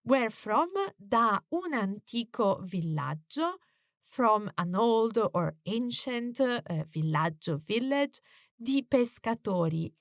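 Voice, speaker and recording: A woman with as her teaches a lesson at a slow, patient pace, often pausing on "uh" as she explains. Her voice sits at a middle pitch and sounds close and dry, with no room echo. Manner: slow, careful explanations with frequent "uh" fillers. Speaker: language teacher.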